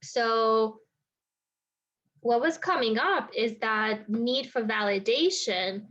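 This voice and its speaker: Reflecting on her own experience in a vlog, an energy healer speaks slowly in a fairly high, fairly bright voice. Her thoughts wander in circles, with many "like" and "you know" asides, and the lo-fi recording sounds dull.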